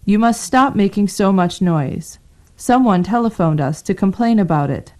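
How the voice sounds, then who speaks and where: A woman's voice: mid-range voice, expressive, normal speed, darkish tone, natural voice. A woman reading the lines of a polite policeman in a storybook, in a plain read-aloud way. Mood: firm.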